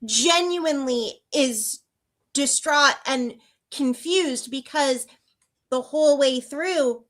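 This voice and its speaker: A woman's voice: high-pitched, slow pace. A woman appearing as a guest on a live talk stream, speaking earnestly, restarting her sentences and often checking in with "right?". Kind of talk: casual live-stream chat.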